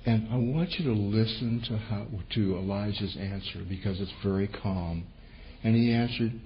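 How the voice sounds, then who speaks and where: A man preaching a sermon, telling a scripture story with lively, animated delivery and voicing the characters' words. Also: normal speed. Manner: animated storytelling, voices quotes with sudden pitch jumps. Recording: dull lo-fi recording with faint noise.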